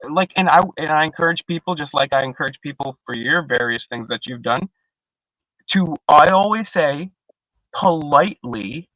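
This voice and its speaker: A man's voice: on the high side, no echo, muffled recording. A man in casual live-stream panel chat, rambling and profane, with lots of slang and restarts, on a video call. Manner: restarts often, animated.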